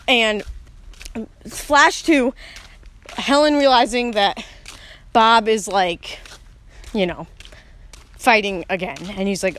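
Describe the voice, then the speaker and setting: A woman's voice: a little high, slow pace, pauses often, fairly bright tone. A young woman casually retelling a film to a friend, rambling and giggly with lots of fillers. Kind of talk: casual chat.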